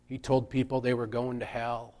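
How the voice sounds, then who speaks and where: A man giving a reflective sermon, speaking in a measured way and pausing for emphasis. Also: medium pitch, level tone, darkish tone. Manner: slow, measured, with pauses for emphasis. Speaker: preacher.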